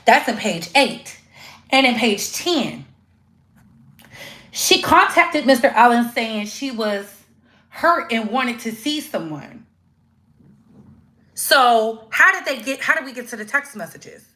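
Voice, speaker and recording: A woman giving casual live-stream commentary, slangy and animated, acting out quoted voices as she goes. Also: fairly high pitch, slow pace, long pauses.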